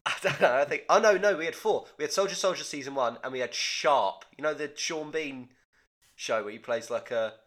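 A man's voice: on the high side, a little fast, fairly bright tone. A young man co-hosting a comedy podcast, chatty and giggly in casual banter. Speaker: podcast co-host.

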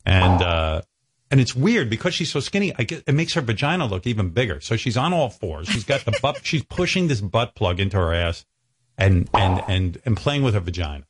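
A man with a low, husky voice rambles through a crude comic story, chuckling now and then. His pitch sits on the deep side, and his breathy tone softens the edges of his talk. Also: very animated, brisk. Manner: rambling, graphic, chuckling as he talks.

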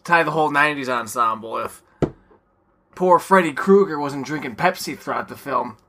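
A co-host with a bright, mid-pitched voice trading casual banter. The remarks come out dry and sarcastic, with offhand swearing and quick jokes. The delivery stays loose and conversational. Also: slight background noise. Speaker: podcast co-host. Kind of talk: casual chat.

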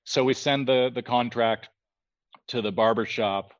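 A man telling a story as a podcast guest, animated, restarting his sentences and acting out the people he quotes. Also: medium pitch, a little slow, muffled recording. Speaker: guest artist.

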